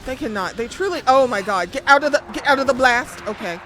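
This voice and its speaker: A woman streaming gameplay, reacting excitably, swearing often and talking to herself and the screen. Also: sits high, fast talker, slight background noise. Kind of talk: live gameplay commentary.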